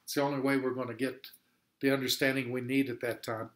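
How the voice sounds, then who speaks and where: A man's voice: medium pitch, flat delivery, quick pace, fairly bright tone. Earnest man teaching Bible lesson. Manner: earnest, explanatory, repeats for emphasis. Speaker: Sunday school teacher.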